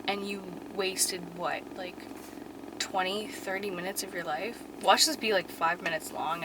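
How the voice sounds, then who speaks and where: A woman's voice: mid-range voice, fairly even intonation, a little slow, background noise. A young woman vlogging casually to her viewers from a parked car at night, bubbly and chatty, sometimes dropping to a whisper. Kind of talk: casual rambling chat to viewers.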